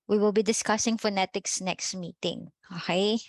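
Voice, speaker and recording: A woman with a Filipino accent teaches an online class, her voice sitting at a middle pitch. She switches easily between English and Filipino and keeps checking in with her students. The sound is dry and close, with no room echo. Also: steady tone, moderate pace.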